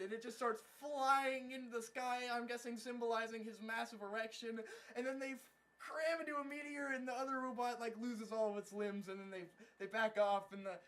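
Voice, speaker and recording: Very high-voiced man, rambling and profane. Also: fairly bright tone. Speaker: anime reviewer. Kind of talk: casual comedic episode recap.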